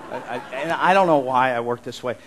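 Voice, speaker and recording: A man's voice: medium pitch, normal speed, a faint crowd, low-quality recording. Middle-aged male pastor preaching animatedly. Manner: animated, repeats and restarts words, chuckles often. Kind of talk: conversational sermon.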